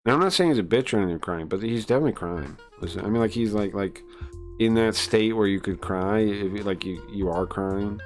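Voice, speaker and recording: A man's voice: lowish voice, a little fast, soft background music. A male live streamer giving blunt, crude, rambling reaction commentary full of fillers.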